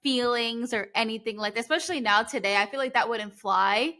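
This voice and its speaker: A woman in her thirties from New Jersey hosts a podcast interview. She chats loosely and fills her sentences with little words. Her voice is fairly high and bright. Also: fairly quick. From New Jersey, USA. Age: 30s. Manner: chatty, full of "like" fillers. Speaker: podcast host. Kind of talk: casual interview chat.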